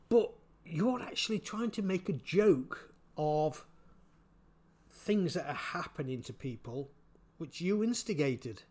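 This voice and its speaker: A man giving casual spoken commentary, halting and repeating his words, chuckling often. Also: fairly high pitch, very animated, a little mellow. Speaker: vlogger.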